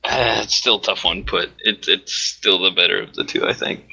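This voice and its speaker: A man's voice: low-pitched, normal speed, vocal fry, pushed and bright, a little hiss or hum, low-quality recording. A man on a podcast panel in casual chat, hesitating and restarting and laughing often.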